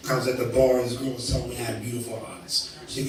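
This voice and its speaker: A man's voice: mid-range voice, little pitch movement, quick pace, few pauses. A man from Indiana doing a live stand-up set, profane and self-deprecating, acting out characters. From Indiana, USA. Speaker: stand-up comedian. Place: live comedy venue. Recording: echoey venue from far off with crowd.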